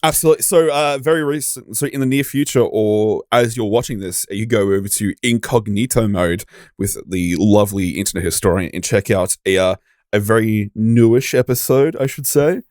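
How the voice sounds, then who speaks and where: A man's voice: lowish voice, normal speed, darkish tone, no room sound, studio quality. A man hosting a podcast, enthusiastic and sweary in casual chat. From Australia. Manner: enthusiastic, sweary, plugs episodes. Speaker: podcast host.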